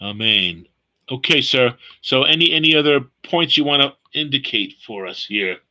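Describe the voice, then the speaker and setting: A man leading a Bible study, explaining Hebrew word meanings slowly and repeating key phrases as he teaches. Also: mid-range voice, lively intonation, pushed and bright, poor audio. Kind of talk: teaching a scripture study session.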